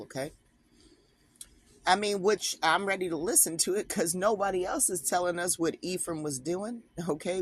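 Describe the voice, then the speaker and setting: A man's voice: fairly high pitch, breathy edge. A man teaching online, reading an article aloud and breaking off into casual, emphatic commentary aimed straight at his viewers. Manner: conversational, talks to viewers directly, emphatic asides.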